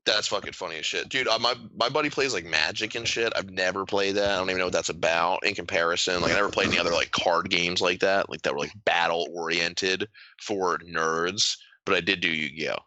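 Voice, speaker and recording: A young man co-hosting a podcast in casual banter, rambling and animated, swearing often and laughing a lot. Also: low voice, brisk, no echo, poor audio. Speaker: podcast co-host.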